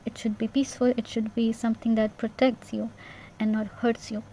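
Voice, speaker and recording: A woman giving an intuitive tarot reading in a gentle, reassuring way, repeating herself and checking in with "yeah?". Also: on the high side, little pitch movement, a little fast, a little hiss or hum. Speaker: tarot reader.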